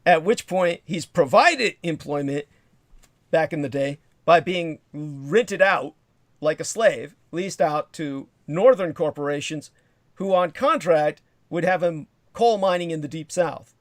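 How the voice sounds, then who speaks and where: Profane rambling livestream host, dry close sound. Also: male voice, on the high side, expressive, measured pace, dry recording. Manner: digressive, profane, reads chat comments aloud. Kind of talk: rambling monologue storytelling.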